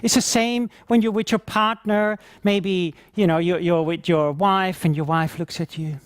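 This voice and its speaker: A man teaching Reiki at a conference, telling stories in a lively, laughing way and acting out scenes as he talks. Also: high voice, unhurried, clean tone, no echo, clean studio sound. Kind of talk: conference talk with anecdotes.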